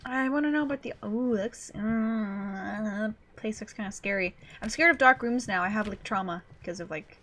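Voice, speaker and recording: A woman's voice: medium pitch, moderate pace, fairly bright tone. A young woman streaming a game from home, chatting casually, giggling and swearing freely as she plays. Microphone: desk mic.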